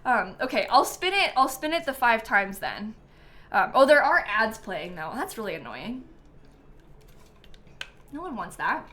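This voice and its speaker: A woman's voice: on the high side, big pitch swings, unhurried, pauses often, sharp tone, a little hiss or hum. A woman hosting a casual live stream, chatty and giggly, full of ums and likes as she thanks viewers by name. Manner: reads out viewer names and thanks. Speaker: livestream host.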